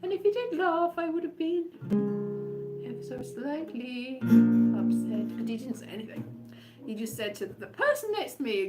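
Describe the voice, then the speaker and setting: A woman's voice: sits high, animated, moderate pace, soft background music. A woman comic poet rambling through a self-mocking monologue full of wandering asides.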